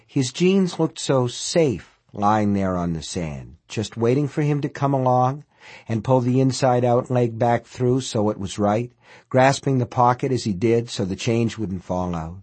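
A man reading horror fiction aloud as an audiobook narrator, dramatic in delivery and sinking to a hushed murmur in the eerie passages. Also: medium pitch, animated, a little slow, husky.

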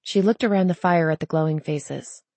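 A woman narrating a story in a measured, even reading voice. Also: deep voice, dry recording. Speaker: audiobook narrator. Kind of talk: scripted narration.

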